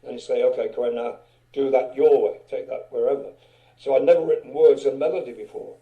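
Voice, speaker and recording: A man's voice: medium pitch, fairly even intonation, fairly quick, phone-quality sound. An older man, a guest musician, telling loose anecdotes in a casual interview, swearing and chuckling as he goes.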